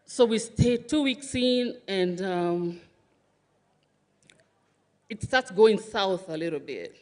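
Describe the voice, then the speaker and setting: A woman's voice: mid-range voice, lively intonation, takes it slowly, a little mellow. A woman giving a funeral eulogy for a family member, speaking in a heartfelt, conversational way with many restarts.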